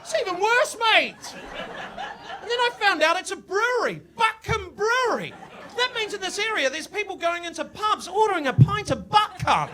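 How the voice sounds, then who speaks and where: A man with a New Zealand accent performing stand-up in a pub on a stage mic. His voice sits very high and swoops all over the place. He is crude and animated and bursts into loud, shouted punchlines. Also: moderate pace, some chatter behind, slight background noise. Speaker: stand-up comedian. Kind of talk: live stand-up set. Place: live show in a village pub.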